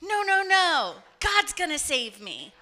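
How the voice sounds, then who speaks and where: A woman voicing a stubborn drowning man in a joke, insisting in a high, emphatic voice that he needs no rescue. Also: big pitch swings, takes it slowly, bright, forceful tone, exaggerated voice.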